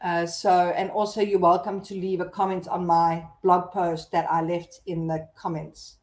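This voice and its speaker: A woman's voice: lowish voice, level tone, moderate pace, a little mellow. A South African woman in her thirties, hosting a casual live stream and chatting candidly with viewers as she reads their comments. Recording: roomy echo.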